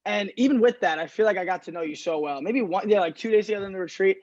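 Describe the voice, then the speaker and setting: A man's voice: high-pitched, fast, dry recording. A man, chatting as a podcast guest over a video call, laughing often and filling his talk with "like". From Staten Island, New York. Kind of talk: casual chat. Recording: slightly dull lo-fi call audio.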